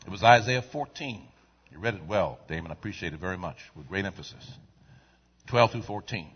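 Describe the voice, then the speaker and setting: A man preaching a sermon in a church, swinging from quiet asides to shouted lines in a call-and-response style. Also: low-pitched, expressive, brisk, husky, lo-fi sound. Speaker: pastor. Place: church sanctuary.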